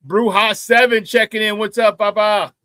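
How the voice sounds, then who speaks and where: A man hosting a casual sports talk show, animated, laughing easily and greeting viewers by name. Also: sits high, normal speed, dry recording, studio quality.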